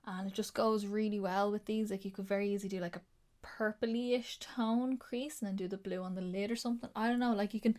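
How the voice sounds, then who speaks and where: A woman's voice: mid-range voice, fairly even intonation, brisk, darkish tone. Young Irish woman, beauty vlogger: chatty, effusive, casual review delivery. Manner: gushing, chatty, many fillers.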